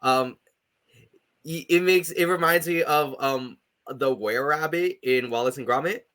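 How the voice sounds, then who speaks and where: A man in casual podcast chat, his voice bright and lively. He talks loosely, with plenty of fillers, and laughs often. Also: a little high, measured pace. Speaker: podcast co-host.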